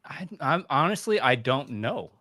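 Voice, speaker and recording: A man co-hosting a podcast, speaking in a halting way and searching for words. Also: medium pitch, big pitch swings, pushed and bright. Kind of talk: casual live discussion.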